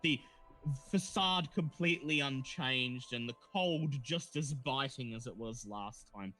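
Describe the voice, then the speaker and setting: A man's voice: mid-range voice, measured pace, bright, forceful tone, faint music behind. A man narrating a tabletop game as game master, with descriptive storytelling and some hesitation.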